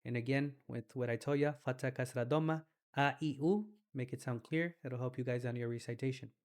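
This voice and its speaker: A young man teaches Arabic letters in a loose, easygoing way, with a mid-pitched voice. He drags out sounds slowly to model pronunciation and slips into slangy asides. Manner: relaxed, slangy, drawn-out demonstration of sounds. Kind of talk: casual recorded lesson.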